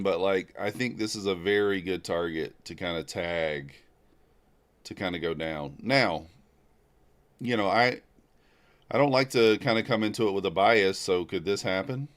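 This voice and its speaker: A man with a somewhat low voice runs live commentary on his trading. He talks casually and thinks aloud, wondering where the market goes next and greeting viewers by name. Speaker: livestreaming futures trader.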